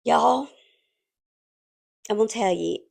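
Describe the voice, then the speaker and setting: Gravelly woman in her fifties. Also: on the high side, slow. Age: 50s. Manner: rambling, confiding, animated. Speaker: home vlogger. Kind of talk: chatty storytelling to camera.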